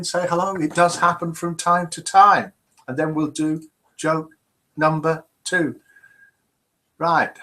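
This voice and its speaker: A man's voice: medium pitch, a bit bright. An older man from England with a Midlands accent, hosting a live call-in show in a cheerful, chatty way and reading out viewer messages. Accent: English Midlands. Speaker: host. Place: home room.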